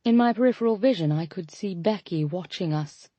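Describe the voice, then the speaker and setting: A woman narrating a romance audiobook in first person, with a wry, animated storytelling manner. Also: lowish voice, a little fast, no echo. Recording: dry, slightly dull lo-fi audio.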